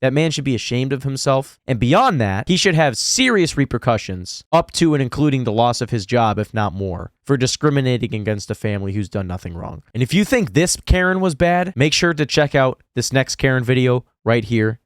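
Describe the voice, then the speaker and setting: A man's voice: animated, a little fast, few pauses, no room sound, studio quality. A man giving sarcastic, indignant commentary over a video clip. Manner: indignant, sarcastic, swings into high exaggerated voices. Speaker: commentary YouTuber. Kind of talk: reaction commentary.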